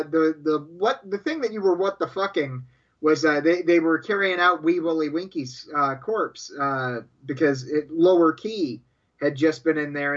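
A man's voice: on the high side, a bit bright. Stammering joking man on a lo-fi podcast. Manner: stammering, repeats words, jokey tall tales. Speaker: podcast co-host. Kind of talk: casual podcast banter. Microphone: headphones and studio mic.

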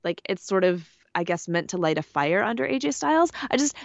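Woman podcast co-host, rambling casual chat, lowish voice, dull dry sound. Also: big pitch swings, a little fast, creaky, no echo. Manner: chatty, rambling, many fillers.

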